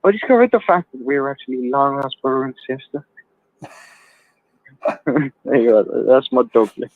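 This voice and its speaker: A man's voice: medium pitch, lively intonation, moderate pace, no room sound. A man hosting a casual call-in livestream, joking and telling rambling bawdy stories. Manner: jokey, tells rambling bawdy anecdotes with laughs. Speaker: livestream host. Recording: tinny phone-like sound.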